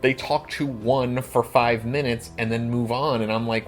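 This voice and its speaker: A man's voice: medium pitch, steady tone, moderate pace. A man co-hosting a casual podcast who explains at length, with lots of "like" fillers. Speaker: podcast co-host and game master.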